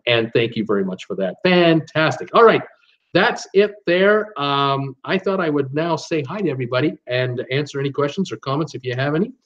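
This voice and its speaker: A man hosting a live online show, rambling casually with many fillers and reading viewers' comments aloud. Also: medium pitch. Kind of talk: casual live-stream chat. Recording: dull lo-fi stream audio.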